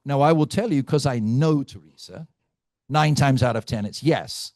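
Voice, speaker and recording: A man leading a live team training session, brash and teasing, quizzing his audience with rapid questions. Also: fairly high pitch, animated, a little mellow, dry recording, clean studio sound. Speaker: real estate team trainer.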